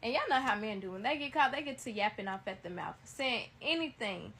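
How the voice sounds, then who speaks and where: Young woman, storytime narrator; bright, gravelly voice pitched a bit high, blunt and animated, talks straight to viewers. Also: a little fast, a little hiss or hum.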